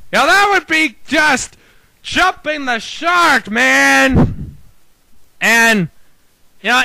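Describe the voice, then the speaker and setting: Man, high bright voice, slow, opinionated rambling rant. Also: gravelly, dry recording, rough recording. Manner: opinionated, rambling, exasperated rhetorical questions. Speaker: video game commentator.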